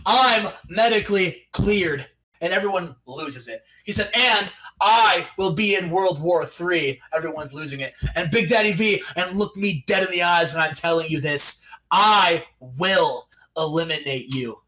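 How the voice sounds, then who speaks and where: Guy doing a vengeful wrestler cutting a slow, menacing promo in a game let's-play, voice dropped low. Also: expressive, bright, forceful tone, exaggerated voice, low-quality recording. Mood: threatening.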